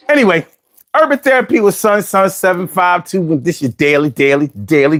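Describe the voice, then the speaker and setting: A man's voice: on the high side, moderate pace, soft background music. A man hosting a casual livestream talk show. He uses slang, repeats phrases and asks his viewers rhetorical questions.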